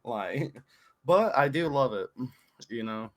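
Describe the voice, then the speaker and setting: A man's voice: medium pitch, expressive, takes it slowly. Laid-back young man hosting a chat. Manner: laid-back, swears casually, many fillers. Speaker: podcast host. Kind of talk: casual chat on a call.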